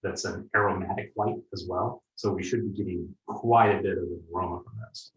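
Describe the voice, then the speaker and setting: Low male sommelier host, halting explainer, distant mic in an echoey room. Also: steady tone, highs cut off. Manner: explanatory, hesitant with many fillers. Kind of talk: casual wine tasting chat. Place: room in a home.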